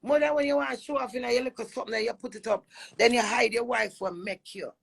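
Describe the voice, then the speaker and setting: A Jamaican woman with a gravelly, husky voice, airing a heated complaint about her marriage in an emphatic, repetitive monologue that mixes patois and English. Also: fairly high pitch, quick pace. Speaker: dancehall personality airing a marital dispute.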